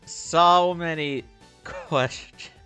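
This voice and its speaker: A man's voice: fairly high pitch, drawn-out words, sharp tone, smooth, soft background music. A man playing a story game, commenting casually with profane, joking asides. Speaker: let's play streamer.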